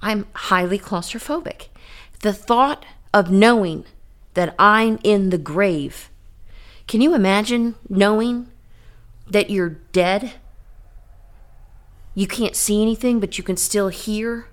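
A woman's voice: medium pitch, takes it slowly, pauses often. A woman telling a dramatic faith testimony. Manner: vivid, repetitive and dramatic, building with rhetorical questions. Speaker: guest sharing her testimony.

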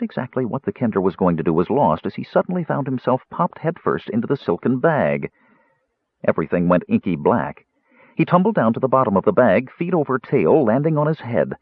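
A man narrating a fantasy story in a lively, expressive reading style, on a tinny, dry recording. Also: medium pitch, a little fast, breathy edge, no room sound. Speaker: audiobook narrator.

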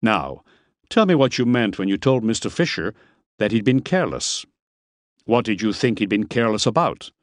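Brief: brisk authoritative employer, read by a male narrator, clipped and suspicious. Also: on the low side, sing-song, no echo, studio quality.

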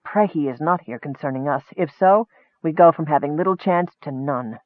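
A man voicing a wary male half-elf prisoner who speaks in a hushed, urgent mutter. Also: fairly high pitch, normal speed, no room sound, close to an everyday voice. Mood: hushed warning. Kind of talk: audiobook character voice. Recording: thin phone-like dry sound.

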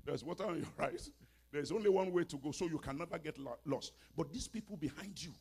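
A preacher voicing God as a calm, commanding man speaking to his people. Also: on the high side, fast talker, gravelly, husky. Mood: reassuring.

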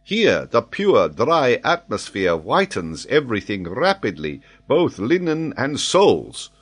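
Guy doing a excitable french scholar, lively swooping voice, eager to astonish. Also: mid-range voice, slow, husky, full character voice. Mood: vehement. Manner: vehement, emphatic, eager to astonish. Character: excitable, impetuous middle-aged French male scholar.

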